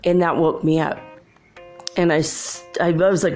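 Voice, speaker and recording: A woman's voice: low voice, steady tone, measured pace, gravelly, a little mellow, soft background music. A woman hosting a podcast, chatting through a rambling, casual story and laughing often. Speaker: podcast host.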